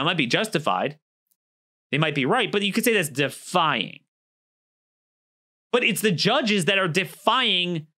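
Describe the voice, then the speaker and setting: A man's voice: sits high, sharp tone. A man giving an argumentative opinion monologue as a political commentator, emphatic and acting out quoted exchanges.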